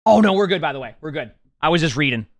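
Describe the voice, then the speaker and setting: A man's voice: a little high, lively intonation, fast. A young man streaming a game, chatting upbeat to his viewers while losing his voice from too little sleep. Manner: chatty, upbeat, talks to chat between games. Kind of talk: casual live-stream chat.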